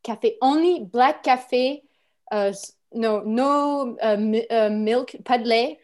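A woman's voice: fairly high pitch, slow, darkish tone. A woman playing a haughty, snobbish French woman with a put-on French accent, lecturing with disdain in an improv exercise. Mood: instructing. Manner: lofty, disdainful, drops French words.

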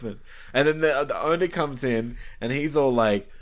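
A man's voice: medium pitch, normal speed. A man co-hosting a podcast, chatting in a mocking way and laughing often. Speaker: podcast co-host. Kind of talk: casual podcast chat.

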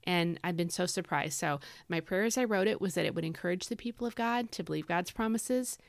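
A woman's voice: on the low side, fairly quick, no room sound, clean studio sound. A woman hosting a devotional podcast, talking in an earnest, encouraging way with a slightly scratchy voice. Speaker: podcast host.

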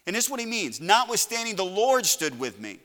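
A male preacher with a bright, ringing voice pitched a little high. His passionate sermon climbs to loud shouts and then drops into quiet asides. His voice carries the long echo of a large hall. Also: wildly swooping pitch, brisk. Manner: impassioned preaching, rising to shouts then dropping low. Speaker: pastor.

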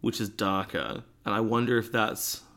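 Laid-back man with a bright, lowish voice. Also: little pitch movement, moderate pace, vocal fry. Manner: laid-back, dry quips. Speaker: podcast co-host. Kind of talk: casual chat.

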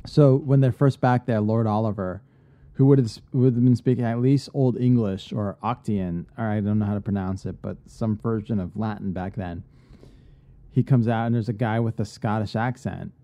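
A man co-hosting a podcast in casual chat, getting animated and swearing freely as he rants. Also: fairly low pitch, normal speed. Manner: animated, profane ranting. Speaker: podcast co-host.

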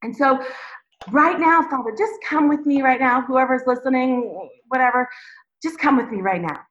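A woman's voice: high voice, moderate pace, a bit bright. A woman podcast guest sharing her faith testimony and leading listeners in prayer, emotional and rambling. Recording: roomy, dull lo-fi sound.

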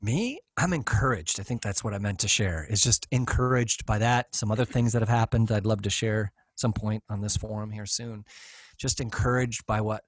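A pastor, a man, chats on a church podcast in a slightly low voice. He sounds eager and teasing, often restarting his sentences. The sound is close and dry. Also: moderate pace, no room sound. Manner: excited, teasing, talks in restarts. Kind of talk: casual church podcast chat.

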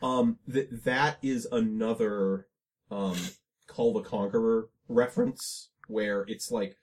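A man's voice: on the low side, steady tone, takes it slowly, a little mellow. A man co-hosting a podcast, rambling casually about a movie with plenty of fillers and restarts. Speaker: podcast co-host.

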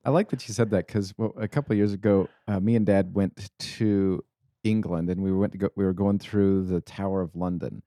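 A man's voice: deep voice, steady tone, brisk, dark tone, no room sound, studio quality. A man co-hosting a casual podcast, telling rambling anecdotes with frequent restarts. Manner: rambling storyteller, restarts often. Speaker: podcast co-host. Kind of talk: casual chat.

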